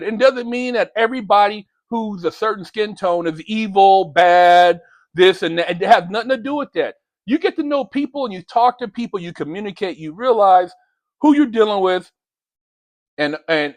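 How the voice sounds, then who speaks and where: A man's voice: high voice, no echo. A man ranting bluntly in a heated, lecturing commentary, using street slang, as a motivational vlogger.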